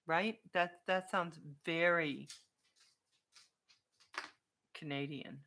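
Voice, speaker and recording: A woman vlogger chats casually on a live stream, playful and talkative, laughing easily and turning aside to scold or coax her dog. Her voice sits low and moves at an unhurried pace, with a bright, forward edge to it. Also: steady tone, slight background noise. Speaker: vlogger chatting with viewers.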